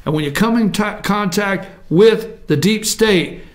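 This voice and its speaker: A high-voiced man hosts a political commentary show. He is combative and repetitive, and often slows down to stretch words out in mockery. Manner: combative, repetitive, drawn-out mocking emphasis. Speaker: talk show host.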